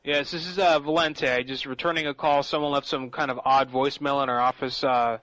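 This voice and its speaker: A man's voice: medium pitch, steady tone, a little fast, a bit bright, no echo, pitched below the performer's own voice, close to an everyday voice, poor audio. A man playing a stiff, formal office boss who returns a call and scolds the caller for his language. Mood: indignant. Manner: formal, clipped, indignant. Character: stiff, indignant male office boss defending his workers.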